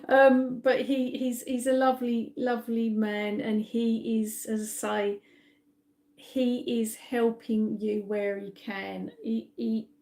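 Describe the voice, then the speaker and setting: A woman's voice: a little high, creaky, darkish tone. A middle-aged woman, a psychic medium, giving a reassuring live-stream reading and often checking in with "all right?".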